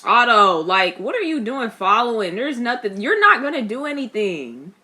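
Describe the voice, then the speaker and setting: A young woman giving casual reaction commentary. She is chatty and expressive, laughs often, and talks back at the screen. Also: fairly high pitch, moderate pace, soft background music. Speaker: reaction vlogger.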